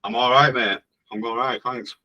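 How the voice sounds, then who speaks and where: A man's voice: medium pitch, steady tone, moderate pace, sharp tone, lo-fi sound. A man with a Northern Yorkshire accent, a music producer guest talking modestly in broad dialect. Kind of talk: casual interview chat.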